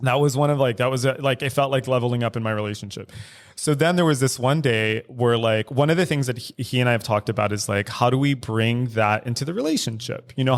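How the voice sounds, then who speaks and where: A man in easy podcast conversation, telling a frank story about his own life. He acts out the people he quotes, fills his lines with "like" and swears freely. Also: medium pitch. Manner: animated storyteller acting out quoted dialogue, frequent "like" and swearing. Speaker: podcast co-host. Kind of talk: candid casual chat. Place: studio recording.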